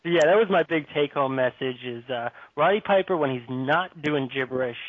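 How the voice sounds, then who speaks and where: A man's voice: medium pitch, moderate pace, dry recording. A man in casual podcast chat, frank and opinionated. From Boston area. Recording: tinny phone-like line, dry.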